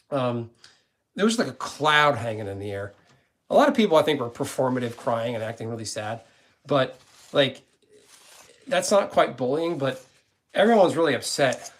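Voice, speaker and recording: A man streaming from his gaming channel, chatting casually with viewers in a rambling, blunt way and cursing freely. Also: mid-range voice.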